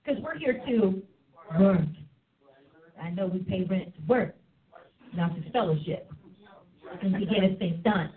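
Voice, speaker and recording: A woman's voice: mid-range voice, expressive, unhurried, pauses often. A woman hosting a live faith show, talking in an exuberant, preachy way with frequent laughter. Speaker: host. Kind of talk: lively live show chat. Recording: tinny phone-like sound.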